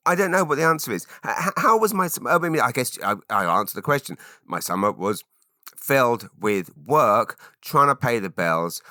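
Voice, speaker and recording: British man, low voice, bright forceful tone, dry close sound, rambling podcast talk. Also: no room sound. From England. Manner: rambling, self-deprecating, lots of fillers and restarts. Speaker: podcast host. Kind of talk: solo podcast monologue.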